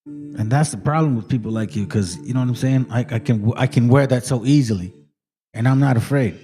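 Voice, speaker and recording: A man in his late forties giving a profane, animated commentary as a channel host, often quoting and mocking others. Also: medium pitch, a little fast, slightly rough, soft background music. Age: 40s. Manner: animated, swears a lot, mocks and quotes others. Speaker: channel host reacting to videos.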